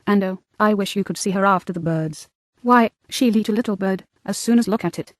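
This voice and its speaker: A woman's voice: medium pitch, fairly quick, dry recording, studio quality, natural voice. An earnest, polite young girl, read by a woman. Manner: earnest, eager.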